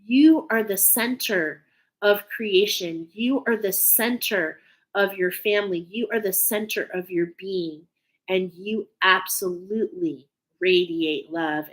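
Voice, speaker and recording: Slow, soothing woman giving a card reading. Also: medium pitch, low-quality recording. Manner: slow, soothing, affirming, openly emotional. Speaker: spiritual card reader. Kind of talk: intuitive tarot-style reading to viewers.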